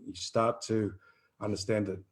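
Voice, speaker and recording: A man's voice: lowish voice, normal speed, breathy edge, low-quality recording. A man around fifty, chatting casually and rambling animatedly as he answers listener questions in a live Q&A. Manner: rambling, animated, earthy wording.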